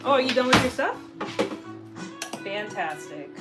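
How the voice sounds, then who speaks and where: A fairly high-pitched woman from San Diego chats casually while cooking in her home kitchen. She talks in loose slang and reads viewer comments aloud. Music plays steadily under her voice. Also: very animated, a little slow, low-quality recording. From San Diego, California, USA. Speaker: livestream co-host cooking and chatting. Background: background music.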